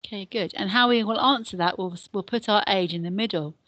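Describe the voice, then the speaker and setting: A woman's voice: medium pitch, fairly quick, a bit bright, no room sound, muffled recording. An English woman teaching a beginner Spanish lesson, patiently drilling words and numbers. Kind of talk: recorded classroom lesson.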